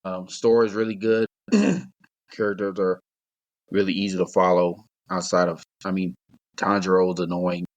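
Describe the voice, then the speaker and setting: A man's voice: low-pitched, little pitch movement, normal speed. A young man co-hosting a casual podcast, talking in a rambling, laid-back way and laughing often. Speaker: podcast co-host. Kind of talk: casual chat.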